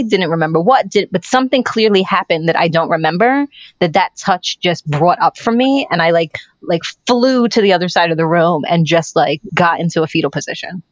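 Woman co-host, lowish voice, earnest and personal; dry, muffled recording. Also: no room sound. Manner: earnest, frequent affirming murmurs. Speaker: podcast co-host. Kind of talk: candid conversational chat.

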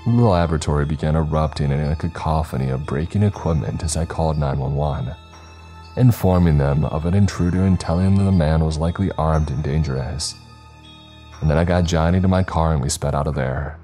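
A man reading a scripted horror story in a slow, measured way. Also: rumbling low, dark tone, soft background music.

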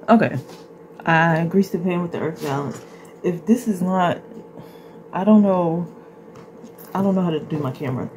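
A woman's voice: fairly low pitch, moderate pace, pauses often, a little mellow, slight background noise, rough recording. A woman chatting casually to her viewers in her home kitchen, rambling as she thinks aloud and chuckling often. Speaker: vlogger. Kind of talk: casual vlog chat to viewers.

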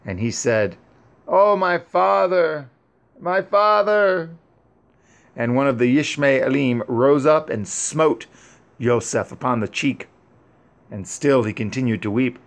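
A man reading an old scripture narrative aloud in a measured, solemn way, with frequent pauses. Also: medium pitch. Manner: measured, solemn, pausing often. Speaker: scripture reader.

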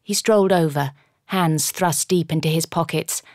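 A woman's voice: deep voice, moderate pace, a little mellow, dry recording, studio quality. A woman narrating an audiobook in the first person, with dramatic storytelling.

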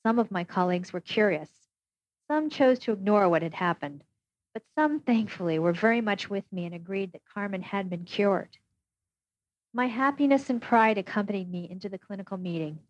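Brief: woman audiobook narrator, measured first-person reading, mid pitch, dull dry recording. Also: expressive, no room sound. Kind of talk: scripted narration.

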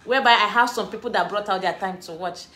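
A woman chatting to her followers in a casual vlog, laughing often and ranting with animated energy. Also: mid-range voice, fast talker. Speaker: vlogger.

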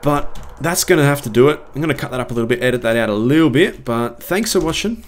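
A man's voice: medium pitch, expressive, quick pace, slight background noise. A man commentating his own gameplay live, swinging between panic and cheering. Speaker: gaming video creator.

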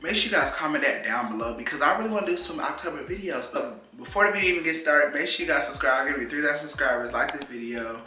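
A young man rambles through a casual vlog, slangy and chatty, now and then leaping up in pitch. The sound is roomy and echoey. Loud music runs under his talk. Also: fast talker, few pauses. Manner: chatty, loose and slangy, with abrupt jumps up in pitch. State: out of breath. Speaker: vlogger.

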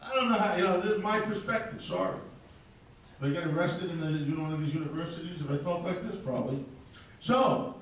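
A man with a high voice delivers a combative, profane rant to a live audience. He is heard from a distance, and the room rings with heavy echo around every word. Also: quick pace, a little hiss or hum. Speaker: speaker at a crypto event. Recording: very echoey, distant mic in a hall.

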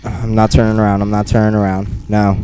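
A man's voice: on the low side, flat delivery, brisk, dark tone, slight background noise. Jittery young man narrating a horror game. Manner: nervous, muttering to himself, bursts into panicked yelps. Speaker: gamer. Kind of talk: horror let's play commentary. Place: dark room at home. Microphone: gaming headset.

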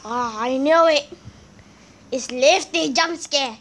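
A woman hosting a gaming video, commenting in a halting, simple way, easily spooked and often calling out to her viewers. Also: sits high, a bit bright, slight background noise. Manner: halting, simple phrasing, often calls out to "guys". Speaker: gaming channel host. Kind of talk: let's-play commentary. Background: game music.

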